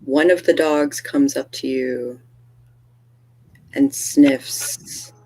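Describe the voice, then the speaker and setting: A woman narrating as storyteller for a tabletop role-playing game, in a relaxed, chatty way. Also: rumbling low, drawn-out words, gravelly, low-quality recording.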